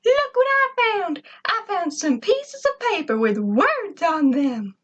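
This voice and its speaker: A woman voicing an overexcited little male robot servant with a squealing high voice. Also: sing-song, slow, highs cut off, full character voice. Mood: excited.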